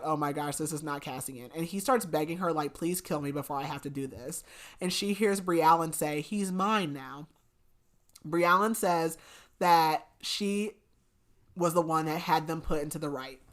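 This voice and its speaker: A woman co-hosting a podcast, chatty, retelling a story with lots of filler words. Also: deep voice. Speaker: podcast co-host. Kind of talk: casual book recap chat.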